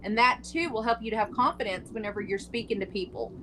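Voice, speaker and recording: A woman's voice: on the high side, quick pace. A woman co-hosting a talk show, chatting casually and encouragingly, laughing often. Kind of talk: casual interview chat. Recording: noisy recording.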